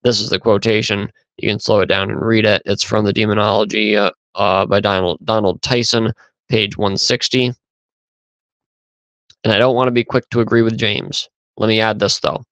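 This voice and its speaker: A man's voice: on the low side, little pitch movement, moderate pace, fairly bright tone, dry recording, highs cut off. A man hosting a podcast, talking through stories in a rambling, conversational monologue. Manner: conversational, rambling, with fillers and restarts. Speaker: podcast host. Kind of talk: casual storytelling monologue.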